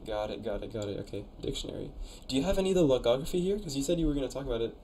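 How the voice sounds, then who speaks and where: A man's voice: medium pitch, lively intonation, very fast, warm tone, slight background noise. A young man in college, casually chatting on a live stream, reading viewers' messages and sounding out invented words. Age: young adult. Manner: chatty, laid-back, reads chat aloud. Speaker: streamer reviewing viewers' conlangs.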